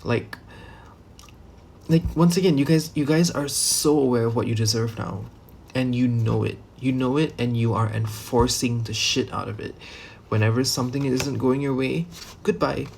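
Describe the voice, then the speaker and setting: At a normal speed and with a darkish tone, this man talks through a casual tarot reading that wanders, restarts and leans on fillers, with an occasional curse. His pitch is ordinary but noticeably gravelly with fry, and a faint hiss lies under the audio.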